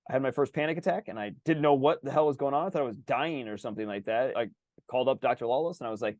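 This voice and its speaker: A man in his thirties hosting a podcast, telling a personal story in casual, animated chat, swearing and acting out the dialogue. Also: medium pitch, racing, no echo, studio quality. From Indianapolis. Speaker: podcast host.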